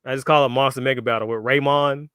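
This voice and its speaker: A man's voice: medium pitch, steady tone, fast talker, pushed and bright, slight background noise. A man co-hosting a podcast in casual chat, throwing in playful, teasing quips. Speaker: podcast co-host.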